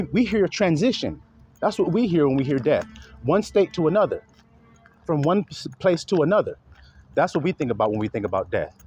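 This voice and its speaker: A man preaching a sermon, calling out rhetorical questions to his listeners and acting out exaggerated voices. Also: husky. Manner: animated, swings pitch widely, acts out exaggerated voices.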